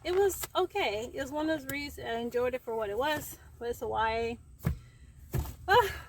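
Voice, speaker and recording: Young woman, chatty and rambling, slightly high voice, a bit out of breath, faint background hiss. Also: animated, moderate pace, low-quality recording. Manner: chatty, rambling with fillers and laughs. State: out of breath from heat. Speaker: book vlogger. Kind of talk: casual chat. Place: outdoors in the heat. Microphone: camera framing herself.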